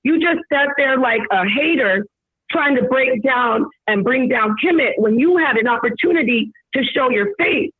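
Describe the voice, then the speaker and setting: Husky woman debater, indignant, lecturing tone, tinny phone-line sound. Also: sits high, expressive, moderate pace, no echo. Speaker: debate guest. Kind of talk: heated debate.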